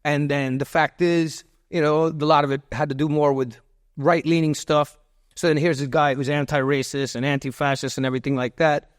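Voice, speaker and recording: A man in his fifties rambles through long stories as a podcast guest. His voice sits fairly high, and it is recorded close and dry with no room sound. He circles back, repeats himself and restarts his sentences often. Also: dry recording. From Miami, USA. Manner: loose, repetitive, with many restarts and fillers. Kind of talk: rambling interview storytelling.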